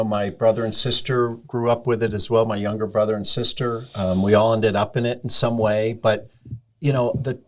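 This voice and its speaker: A middle-aged man from Sarasota speaks as a guest on a podcast, unhurried and easygoing as he recounts his career. His voice sits fairly low, and he pauses often with ums between thoughts. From Sarasota, Florida. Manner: relaxed storyteller, many ums. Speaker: restaurant owner, podcast guest. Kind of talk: casual interview chat.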